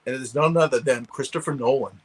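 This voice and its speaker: A man's voice: mid-range voice, a little fast, slightly rough, rough recording. A man chatting casually over a video call, rambling with many restarts. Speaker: guest collector. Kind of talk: casual chat.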